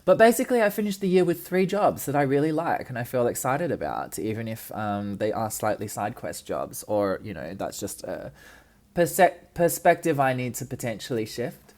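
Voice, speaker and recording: Very low-voiced woman, cheeky podcast host. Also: very animated, moderate pace, darkish tone. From Australia. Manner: chatty, cheeky, swears freely, many ums. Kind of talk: casual solo podcast chat. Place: friend's apartment.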